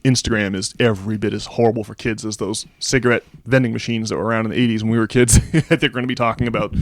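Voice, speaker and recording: Guy around 40 cohosting a podcast, rambly chat then slow emphatic essay reading, dry sound. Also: on the low side, fairly even intonation, dry recording. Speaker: podcast co-host.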